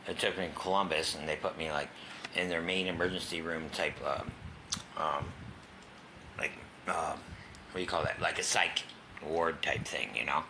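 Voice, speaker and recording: This guest's voice is very deep and fairly even, delivered at a moderate pace with frequent pauses against a noisy background. He tells his own recovery story candidly, casual and profane, lowering to a whisper in tense moments.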